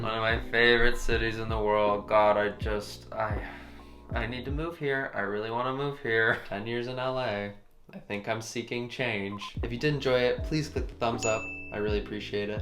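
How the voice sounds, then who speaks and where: A man's voice: medium pitch, reverberant. A man in his thirties talking casually to camera in a vlog, playful and self-mocking. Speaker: vlogger. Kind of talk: casual travel vlog talk.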